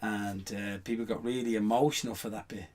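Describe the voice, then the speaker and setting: A man's voice: on the low side, fairly even intonation, brisk, darkish tone. A middle-aged man, a guest on a casual podcast, telling rambling anecdotes full of "you know what I mean" asides. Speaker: guest, stage performer.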